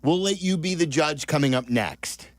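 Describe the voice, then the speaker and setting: Chatty sports radio host, slightly high. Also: male voice, normal speed. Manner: chatty, asks lots of questions. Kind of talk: sports talk radio chat.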